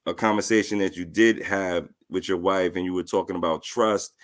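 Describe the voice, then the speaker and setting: A man hosting a podcast, asking his guest questions in a measured, courteous way. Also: deep voice, steady tone. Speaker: podcast host. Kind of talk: interview questions.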